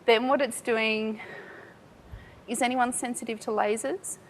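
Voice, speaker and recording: A woman giving a live software demo at a tech talk, chatty and self-mocking, laughing often. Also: fairly high pitch, fairly even intonation, unhurried, a little hiss or hum. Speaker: tech speaker.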